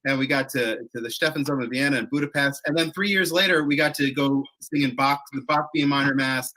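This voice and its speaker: A man's voice: mid-range voice, fairly quick, bright, forceful tone, rough recording. A man leading a chorus, telling its touring history in a rambling, self-correcting way, acting out quoted lines. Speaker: chorus leader. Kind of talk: conversational storytelling.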